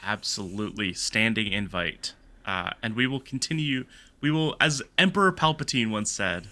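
A man's voice: fairly low pitch, normal speed, pushed and bright. A man co-hosting a podcast, chatting casually and laughing easily. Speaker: podcast co-host. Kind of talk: casual chat.

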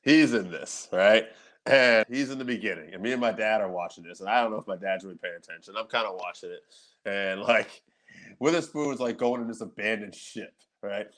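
A man's voice: fairly low pitch, a little fast, fairly bright tone. A man co-hosting a podcast in casual chat, rambling through movie memories, laughing often and swearing freely. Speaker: podcast co-host.

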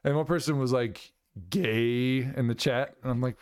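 A young man chatting casually on a podcast, loose and profane and quick to laugh. His voice sits in an ordinary middle pitch. The sound is close and dry, with no room around it. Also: steady tone, smooth, no room sound. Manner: laid-back, profane, laughs often. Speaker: podcast co-host. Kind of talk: casual chat.

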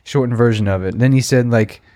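A male podcast co-host jokes crudely and swears through casual banter. His voice sits at an ordinary middle pitch, and the recording is dry and close. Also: fairly quick, warm tone, no room sound. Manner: joking, crude, profane banter.

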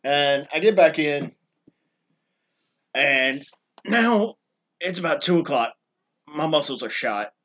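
Rambling, animated man telling a work story. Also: on the high side, slow pace, long pauses. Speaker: podcast co-host. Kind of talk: casual storytelling chat.

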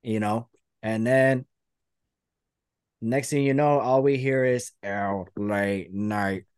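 A man's voice: medium pitch, steady tone, slow, darkish tone, clear, resonant tone, no echo, clean studio sound. A man hosting a podcast, rambling through a play-by-play retelling in casual chat. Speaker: podcast host.

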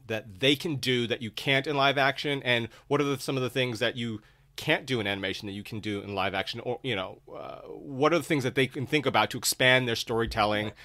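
Male interview host, bright tone, rambling question delivery. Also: medium pitch. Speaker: podcast host.

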